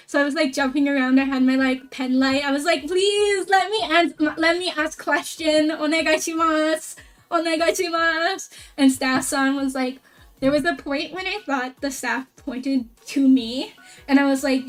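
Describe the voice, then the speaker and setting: A woman VTuber streamer chatting casually, excitable and rambling, with a lot of "like" fillers. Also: high voice, moderate pace, far from the mic. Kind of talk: casual stream chat recap.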